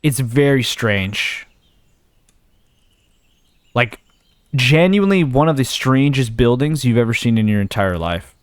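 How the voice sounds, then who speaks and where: A man's voice: medium pitch, expressive, unhurried, pauses often, clean tone, no room sound. A young man giving casual let's-play commentary, thinking aloud and talking himself in and out of ideas as he goes. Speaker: gaming video host.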